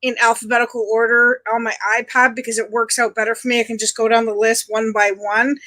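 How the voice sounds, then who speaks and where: Middle-aged woman from Ontario, livestream host; chatty and friendly with viewers, bright, slightly high voice. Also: level tone, fairly quick. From Canada (Ontario). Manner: chatty, greets viewers by nickname. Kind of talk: casual chat with live viewers.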